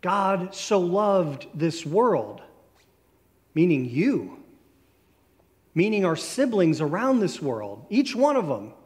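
A man preaching a sermon as pastor, in a conversational storytelling way that slows down for emphatic phrases. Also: high-pitched, sing-song, darkish tone. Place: church sanctuary. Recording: long church reverb.

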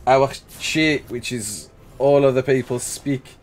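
A man's voice: medium pitch, slow pace, low-quality recording. A man streaming a survival game live, chatting casually, laughing often and joking with chat as he builds.

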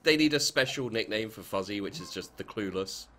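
A man's voice: lowish voice, lively intonation, a little fast, a loud crowd. A tipsy man rambling and giggling with friends over voice chat during a poker game. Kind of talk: casual gaming chat with friends.

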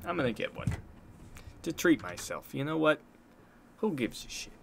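An excitable male streamer commentating his gameplay live, joking and swearing as he talks to chat. His pitch jumps around a lot, and steady background noise sits under his stream mic. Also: moderate pace, gravelly. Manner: excitable, joking, swears freely, chats to viewers. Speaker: game streamer.

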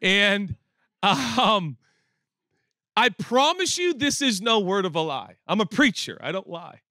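Guy pastor doing an easter sermon, kinda high voice, jokey and animated, dry close sound. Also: slow pace, no echo. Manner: storytelling, joking, animated. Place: church auditorium with audience.

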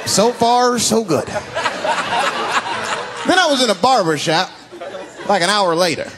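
Animated man telling stand-up stories. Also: sits high, unhurried. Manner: animated, swings between loud bursts and muttered asides. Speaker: stand-up comedian. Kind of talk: stand-up comedy storytelling. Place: comedy stage before a live audience. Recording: live stage recording with crowd noise. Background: audience laughter.

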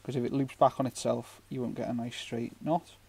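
A man's voice: medium pitch, fairly even intonation, fairly quick, creaky, darkish tone, breathy edge. A man giving a casual, rambling fishing knot tutorial with jokey asides. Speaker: fishing channel host.

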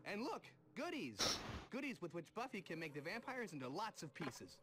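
An actor playing a joking young male sidekick in a video game, talking in a quick, jokey way. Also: high-pitched, big pitch swings, noisy background.

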